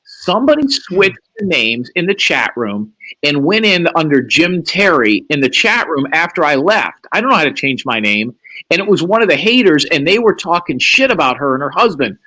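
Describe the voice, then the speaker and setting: A man with a fairly high, very lively voice, telling a long story as a guest on a live stream. He swears freely and throws his voice up high when he acts out what other people said. His speech swings widely in pitch from line to line. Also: moderate pace, rough recording. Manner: profane, acts out quoted lines in a raised voice. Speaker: livestream guest. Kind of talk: animated storytelling.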